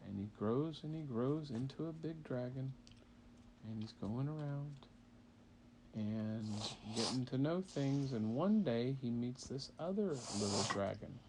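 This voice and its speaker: A man's voice: mid-range voice, animated, measured pace, noisy background. A man, a parent, making up a bedtime story for a child in a casual, rambling way with fillers.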